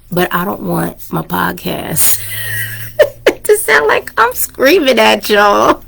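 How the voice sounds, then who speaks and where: A woman's voice: mid-range voice, wildly swooping pitch, takes it slowly, creaky, fairly bright tone, breathy edge. A woman hosting her own podcast in casual, candid chat, laughing often and a little under the weather with a cough, speaking into a turned-down microphone. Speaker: podcast host. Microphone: microphone turned down low.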